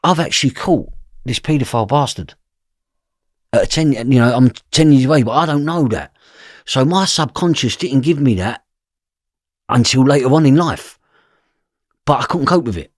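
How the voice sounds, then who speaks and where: There's clean studio sound and no room tone as a middle-aged podcast guest, medium-pitched, shares his story at a moderate pace with lively intonation and frequent pauses. He's intense and blunt, swears, and keeps asking if you know what he means.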